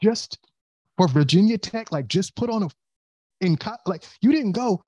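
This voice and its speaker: Animated man with a dark voice. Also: sits high, normal speed, slightly rough, no echo. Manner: animated, acts out quotes, many restarts. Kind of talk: casual podcast chat.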